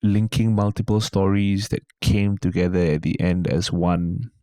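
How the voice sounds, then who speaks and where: A man in his thirties with a Singaporean accent, telling stories as a comedian guest on a casual podcast, lively and quick to mimic voices. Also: deep voice, no echo, studio quality. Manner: animated storyteller, slips into mimicry.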